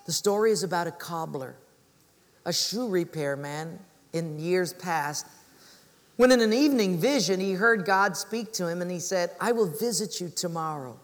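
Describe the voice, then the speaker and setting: A pastor with a fairly high voice delivers a sermon, slipping into the voices of the people in his stories. The hall rings with long reverb behind him. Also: moderate pace.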